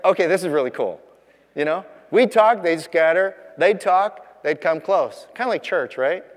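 High-voiced pastor preaching in a reverberant hall. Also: male voice. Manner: conversational, emphatic, with rhetorical questions. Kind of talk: sermon.

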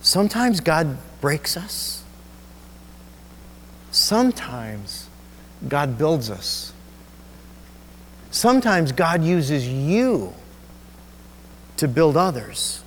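A male pastor preaching a sermon, telling a personal story in an emotional, halting way with many restarts. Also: fairly high pitch, very animated, a bit bright, long reverb tail, slight background noise. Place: church sanctuary.

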